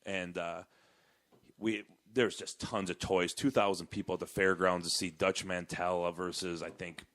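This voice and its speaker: A man telling a quick anecdote in a relaxed, casual way. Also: deep voice. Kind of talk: casual storytelling.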